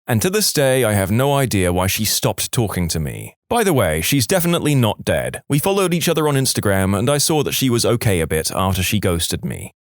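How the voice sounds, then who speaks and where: A man reading listener stories aloud as a narrator, with a lively storytelling delivery. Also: mid-range voice, dry recording, clean studio sound. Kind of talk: scripted narration.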